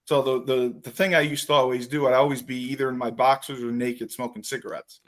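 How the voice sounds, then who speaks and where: A man hosting a podcast, telling profane, animated stories and acting out what others said in casual chat. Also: mid-range voice, a little fast. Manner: profane, animated storytelling with acted quotes. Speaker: podcast host.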